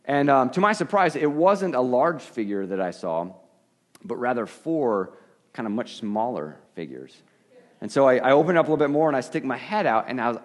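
Middle-aged male pastor, conversational preaching voice, animated storyteller, stammers on restarts. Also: medium pitch, brisk. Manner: storytelling, animated, self-deprecating, frequent restarts. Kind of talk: sermon with personal story.

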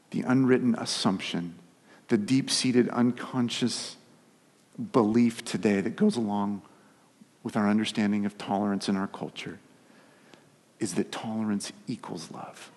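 A man's voice: on the low side, fairly even intonation, measured pace, long pauses, darkish tone, slightly rough, in a large hall. A man preaching a sermon as pastor, telling stories conversationally with restarts and filler words.

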